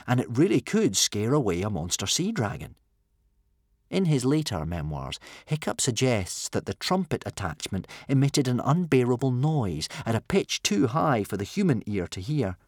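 A man narrating an adventure storybook with animated, dramatic delivery. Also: medium pitch, dry recording, clean studio sound. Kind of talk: audiobook narration.

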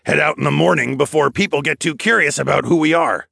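A man's voice: a little high, fast, gravelly, pushed and bright, slightly rough, dry recording, clean studio sound, voice pushed up, full character voice. Man voicing a wry male travel companion.

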